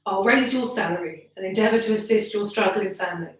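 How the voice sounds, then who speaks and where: A woman voicing a gruff old male miser in a storybook reading, hearty and booming, recorded in an echoey room away from the mic. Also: quick pace, far from the mic, lightly acted. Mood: jovial. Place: home room by a wood burner.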